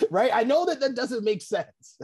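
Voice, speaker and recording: A man co-hosting a podcast, quick to laugh and teasing his co-host playfully. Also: very high voice, very animated, a little mellow, slightly rough. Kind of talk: casual chat.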